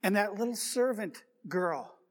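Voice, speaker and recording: A man's voice: high voice, lively intonation, measured pace. A male pastor delivering a sermon, reflective and full of rhetorical questions and repeated key words. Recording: long reverb of a large hall.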